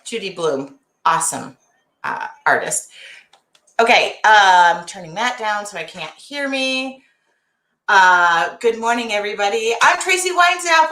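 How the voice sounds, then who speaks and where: Broadcasting from her art studio, a woman hosts a casual livestream, chatting away and greeting viewers by name. Her voice jumps high when she gets excited, and the sound is reverberant.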